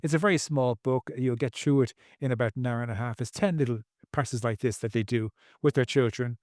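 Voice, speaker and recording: A man's voice: medium pitch, brisk, darkish tone, dry recording, clean studio sound. A man speaking as a podcast guest, earnest and preachy, repeating phrases for emphasis. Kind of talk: podcast interview.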